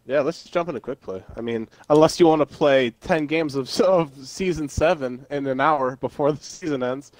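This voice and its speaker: A man's voice: on the high side, normal speed, hardly any pauses, darkish tone, no echo. A young man chatting casually as a co-player while gaming, laid-back with dry remarks. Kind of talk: casual gameplay chat.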